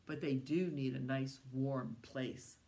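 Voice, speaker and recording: A woman with a low, deep voice leads a children's storytime at the library. She coaxes the little ones with questions and invites them to join in. She keeps slipping into a soft, hushed whisper. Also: takes it slowly. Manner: animated, coaxing voice for young children, often dropping to a hushed whisper.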